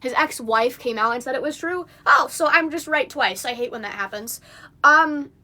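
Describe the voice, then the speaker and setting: A woman's voice: high voice, moderate pace, bright, forceful tone. A young woman on a phone livestream, venting in an indignant, rambling rant full of fillers. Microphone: phone mic.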